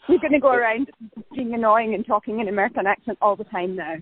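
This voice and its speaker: A woman actress chatting in a casual remote interview, bubbly and quick to laugh, talking while walking outdoors. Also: on the high side, dry recording. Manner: bubbly, laughs often, self-deprecating. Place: outdoors walking past a building site. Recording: tinny phone-line audio, dry.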